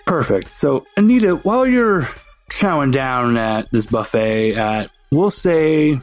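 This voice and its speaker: A man running a tabletop game as game master, animated and laughing often. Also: mid-range voice, slow, faint music behind.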